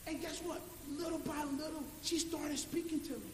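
A male pastor preaches, his voice sitting very high. He moves between hushed storytelling and loud, chanted declarations. The sound carries through a reverberant church hall with a faint hum of ambience behind it. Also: steady tone, normal speed. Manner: preaches in rising shouts with a sung cadence. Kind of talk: sermon. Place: church sanctuary.

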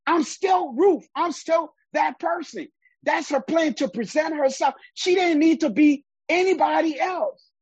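A woman's voice: sits high, no echo. A woman teaching a Bible study in the style of a sermon, reading verses aloud and then explaining them with emphasis. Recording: dull, lo-fi sound.

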